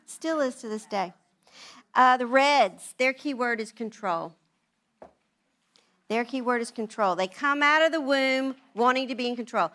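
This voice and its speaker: A woman's voice: a little high, measured pace. A grandmother speaking to a room of moms, telling family stories and acting out the voices of her children and husband. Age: older. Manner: animated, acts out family dialogue in changing voices. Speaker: speaker at a moms' event. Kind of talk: talk to an audience, storytelling.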